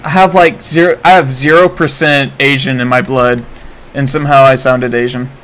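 A man giving live commentary while streaming a game, excitable and prone to swearing and sudden shouts. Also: mid-range voice, moderate pace, a little hiss or hum, poor audio.

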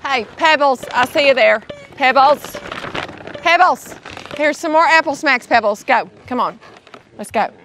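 Cheerful kids' show host, woman, high voice, outdoors at a sanctuary, faint animals behind. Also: animated, measured pace, fairly bright tone, slight background noise. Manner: cheerful, sing-song, addresses viewers as "y'all". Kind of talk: children's educational presenting.

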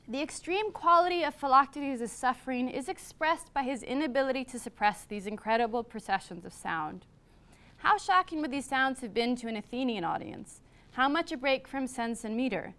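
A woman professor giving a public lecture on classics, partly read from a script, measured, with brief asides. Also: high voice, animated, fairly bright tone. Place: lecture hall.

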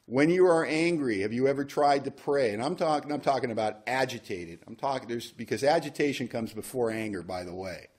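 A man's voice: medium pitch, expressive, a little fast, hardly any pauses, darkish tone. A man leading a recovery workshop, talking casually with joking asides and reading passages aloud. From United States. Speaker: workshop speaker.

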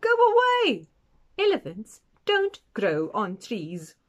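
A woman voicing an angry male circus ringmaster in a storybook, shouting in outrage. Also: mid-range voice, wildly swooping pitch, slow, full character voice. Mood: outraged.

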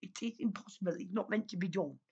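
A woman's voice: medium pitch, fast talker, a little mellow, breathy edge, dull audio. A woman YouTuber talking straight to camera in a rambling, scolding vlog rant, recorded at home on her own microphone.

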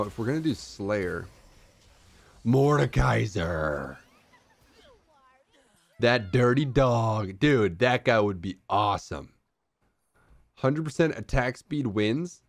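A young man streaming a strategy game, giving casual commentary and often bursting into excited shouts. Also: lowish voice, takes it slowly, pauses often.

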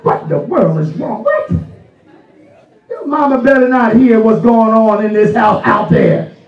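A male pastor delivering a folksy sermon that swells into shouted emphasis in a church sanctuary. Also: extremely high pitch, very animated, unhurried, creaky. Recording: echoey, distant, dull church recording.

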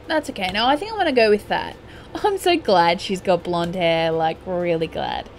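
A woman's voice: lowish voice, animated, moderate pace, slight background noise. A young woman, chatting casually as she plays a life-simulation game and playfully scolding her characters. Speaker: gaming YouTuber. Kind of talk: casual gameplay commentary.

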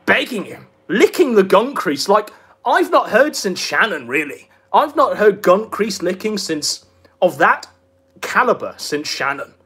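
A man's voice: sits high, sing-song, measured pace, a bit bright, breathy edge. A man giving crude, profane, mocking commentary on clips, sneering and taunting. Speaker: online commentator.

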